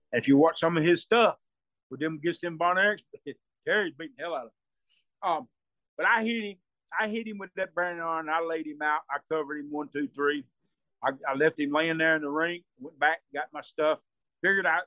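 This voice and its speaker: A man's voice: fairly high pitch, fairly quick, dry recording. A man telling a rambling story, repeating himself and laughing as he goes. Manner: acts out quoted voices loudly. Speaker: storyteller guest. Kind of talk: casual storytelling.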